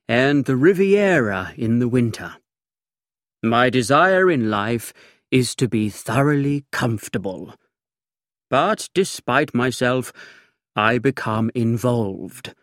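A man narrating an audiobook in the first person, with a languid, dry, measured reading. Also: mid-range voice, no room sound. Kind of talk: scripted narration.

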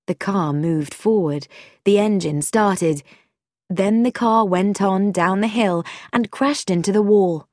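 A woman narrating a storybook in a clear, measured way. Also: medium pitch, a little mellow, no room sound, clean studio sound. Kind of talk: storybook reading.

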